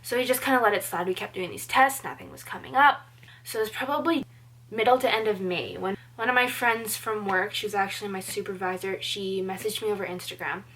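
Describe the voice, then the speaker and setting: A woman's voice: medium pitch, brisk, fairly bright tone. Chatty young woman telling her story. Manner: earnest, chatty, with frequent "like" fillers. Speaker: vlogger. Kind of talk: personal storytelling to camera.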